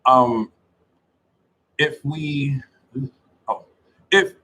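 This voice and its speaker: A British man hosting a livestream, bantering in a jokey, boastful way and freestyling rhymes with a steady rhythm. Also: mid-range voice, drawn-out words, low-quality recording. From United Kingdom. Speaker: livestream astrology host. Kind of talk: playful freestyle rapping and banter. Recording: music playing clearly behind the voice. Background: music.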